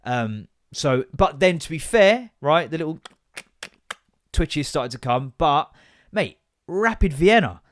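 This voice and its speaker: A man hosting a podcast, telling comic stories in a sweary, animated, sarcastic way. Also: a little high, slow pace, no echo, clean studio sound. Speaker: podcast host. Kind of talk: comic storytelling monologue. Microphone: podcast microphone.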